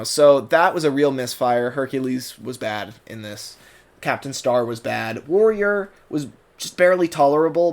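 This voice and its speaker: A man giving a casual, rambling commentary, full of fillers and quick character impressions. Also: medium pitch. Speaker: online video maker reviewing a cartoon dub.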